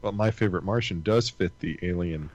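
A man's voice: sits low, fairly quick. A man in his sixties co-hosting a casual chat, joking and laughing as he talks. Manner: joking, laughs mid-sentence. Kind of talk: casual banter.

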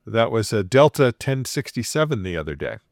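A man's voice: on the low side, a little fast, no room sound, clean studio sound. A man casually retelling a story on a podcast, playfully acting out the quoted voices with chuckles. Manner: animated retelling, acts out quoted dialogue with chuckles.

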